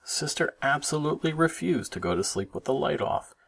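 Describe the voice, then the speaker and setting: Gravelly, animated storybook reader, man. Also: fairly high pitch, a little fast. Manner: expressive, animated read-aloud. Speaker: parent reading aloud. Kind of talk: children's storybook narration.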